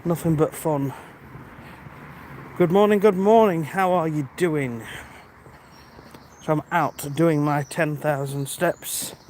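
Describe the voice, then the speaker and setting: His voice is a little high and somewhat mellow, slow-paced with frequent pauses, and there's slight background noise. He's a British man live-streaming on a rural walk, chatting casually with viewers on a handheld phone and greeting them by name.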